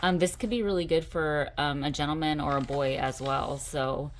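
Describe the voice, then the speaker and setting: A middle-aged woman with a lowish voice, chatty and enthusiastic as she hosts her own craft channel. She talks in a relaxed show-and-tell way, gushing about the details she shows. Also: normal speed, slight background noise. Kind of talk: casual show-and-tell vlog.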